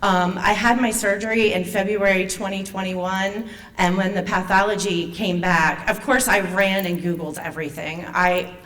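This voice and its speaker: A woman in her forties, a foundation president, nervously and emotionally telling her own patient story at an event, with halting restarts. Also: mid-range voice, fairly even intonation, fairly bright tone, far from the mic. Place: event hall.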